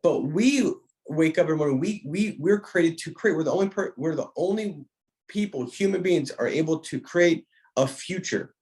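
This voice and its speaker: A man with a somewhat high voice delivers a motivational talk in an emphatic, preacher-like rhythm. He repeats key phrases for weight, restarts sentences often and speaks straight to his listener. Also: normal speed, darkish tone. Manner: frequent restarts, speaks directly to a listener by name. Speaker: insurance sales trainer.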